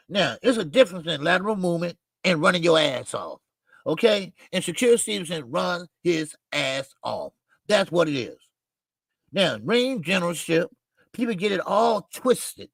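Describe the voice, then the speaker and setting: Male boxing-stream host, high voice, profane ranting commentary, dry close sound. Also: gravelly, dry recording. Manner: ranting, profane, loud outbursts. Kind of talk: livestream boxing commentary, greeting chat.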